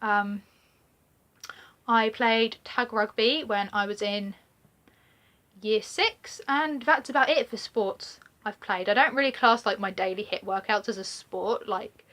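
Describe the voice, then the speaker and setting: A woman's voice: medium pitch, measured pace, sharp tone. A young woman with a regional British accent chatting to camera in a casual get-to-know-me vlog, rambling with many fillers and laughs. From Britain. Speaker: vlogger.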